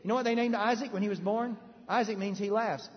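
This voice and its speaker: High-voiced man preaching in a reverberant hall. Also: fast. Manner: animated preaching with sudden loud bursts and hushed drops; joking, conversational asides to the audience. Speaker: pastor. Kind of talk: sermon. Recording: reverberant hall, dull lo-fi sound.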